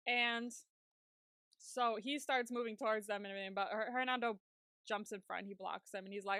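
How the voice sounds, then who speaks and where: A woman co-hosting a podcast, retelling a TV episode in casual chat and putting on quick voices for the characters she quotes. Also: mid-range voice, fairly even intonation, pushed and bright, clear, resonant tone, dry recording, clean studio sound. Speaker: podcast co-host.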